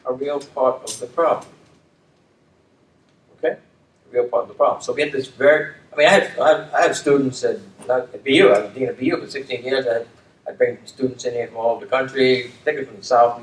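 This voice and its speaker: An older man and former dean talking reflectively, restating his points with emphasis and often checking in with "okay?". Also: medium pitch. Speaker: community leader and former dean. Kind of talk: reflective conversation. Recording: roomy, distant mic with faint room noise.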